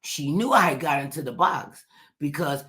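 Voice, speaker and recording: Animated bright-voiced storytelling man. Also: on the high side, normal speed. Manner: animated storyteller, drops into a hush at times, Southern-tinged vernacular. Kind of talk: storytelling in casual chat.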